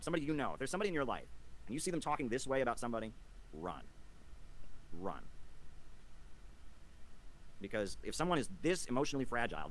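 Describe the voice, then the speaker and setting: Man ranting on video, lively pitch, rapid delivery, scornful. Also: low-quality recording. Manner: scornful, lecturing. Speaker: political commentator.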